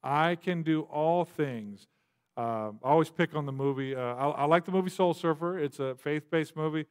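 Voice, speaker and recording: A man's voice: on the high side, moderate pace, clear, resonant tone. A man delivering a sermon from the pulpit in a loose, talkative manner. He speaks in a slightly raised voice, drops in fillers and asides, and acts out little voices as he goes. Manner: conversational preaching with frequent fillers and asides. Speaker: pastor. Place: church.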